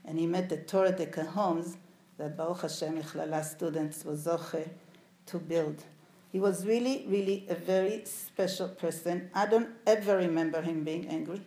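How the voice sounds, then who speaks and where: A woman with a somewhat low voice tells stories about her father to a live audience. She turns to the listeners with questions as she goes. The room gives her voice a strong echo. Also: moderate pace, warm tone. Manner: storytelling, puts questions to the audience. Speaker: speaker recalling her father before an audience. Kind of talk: anecdotal talk to a live audience. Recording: echoey room.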